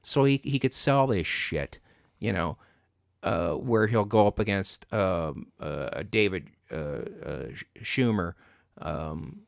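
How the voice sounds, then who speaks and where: A man's voice: low-pitched, takes it slowly, gravelly, dry recording, studio quality. A man hosting a casual chat, talking bluntly and profanely, with lots of fillers and restarts. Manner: blunt and profane, animated rants. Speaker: podcast host.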